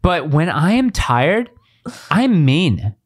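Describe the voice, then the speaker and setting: A man in his thirties co-hosting a podcast, chatting casually and telling animated stories with put-on shouting voices. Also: on the high side, takes it slowly, breathy edge. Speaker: podcast co-host. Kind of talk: casual chat.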